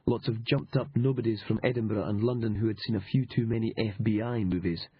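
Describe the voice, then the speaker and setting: A man's voice: lowish voice, fairly even intonation, quick pace, husky, dry recording, muffled recording. A man reading an audiobook in a dry, sardonic storytelling manner. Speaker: audiobook narrator. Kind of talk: scripted narration.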